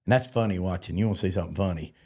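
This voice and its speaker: A man's voice: deep voice, rapid-fire, warm tone, husky. A man, a podcast guest and former rodeo barrelman, telling stories in a casual interview and acting out the voices of people he quotes.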